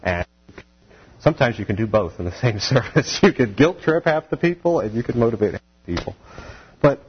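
A man's voice: mid-range voice, expressive, fairly quick, husky. A man teaching a casual Bible study, retelling scripture in plain, conversational everyday speech, heard on a dull, lo-fi recording.

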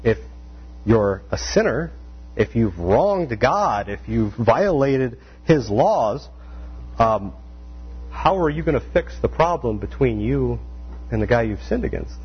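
Man, preacher, lively delivery, conversational sermon; dull recording with a low hum. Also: slow pace, slightly rough. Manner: animated, acts out quoted voices, rhetorical questions. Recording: dull lo-fi sound with faint mains hum.

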